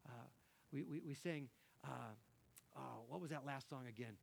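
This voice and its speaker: A man, a pastor, preaching a sermon in an animated way, breaking off with laughs and quick restarts. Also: mid-range voice, gravelly, a little hiss or hum. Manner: animated, laughing often, self-interrupting with restarts.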